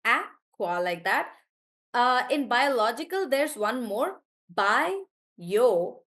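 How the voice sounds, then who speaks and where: A woman teaching a live online English class, warmly praising students and slowly drawing out words as she models how they sound. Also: high-pitched, expressive. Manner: encouraging, drawn-out words when modelling pronunciation.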